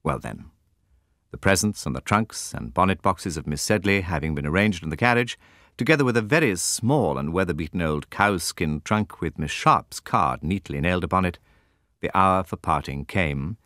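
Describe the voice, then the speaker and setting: A man with a low voice narrates a classic novel, measured and expressive. His pitch moves a great deal from line to line. The recording is dry and close, with no room sound. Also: dry recording. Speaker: audiobook narrator.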